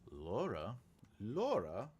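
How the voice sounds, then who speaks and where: A man's voice: lowish voice, huge pitch swings, takes it slowly, a little mellow, a little hiss or hum. A man livestreaming his book outlining, muttering notes to himself and joking with viewers in casual chat. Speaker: author livestreaming his writing process.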